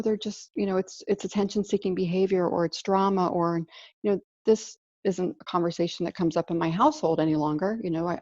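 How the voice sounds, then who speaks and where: A woman's voice: on the low side, warm tone, no room sound. A woman podcast host telling a heartfelt personal story in an earnest, reflective way over an online call. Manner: earnest, heartfelt, speaks of feelings with emotion. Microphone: online call setup. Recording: dull, muffled call audio.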